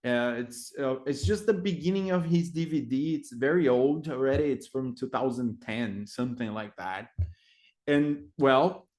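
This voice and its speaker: A man's voice: mid-range voice, a little slow, darkish tone. Man, explaining lessons. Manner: hesitant, many fillers, frequent tag "right?". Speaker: English teacher trainer. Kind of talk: explaining classroom activities.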